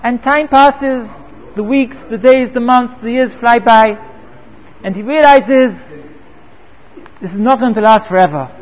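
A man's voice: very high voice, a little slow, long pauses. A man giving a Torah lecture, telling a parable and asking rhetorical questions. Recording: echoey hall, dull lo-fi sound.

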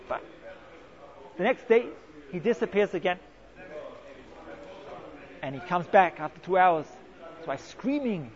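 A man giving an animated Torah talk full of Hebrew and Yiddish terms, telling a story and acting out its quotes. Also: high voice, moderate pace, pauses often. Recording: dull lo-fi sound.

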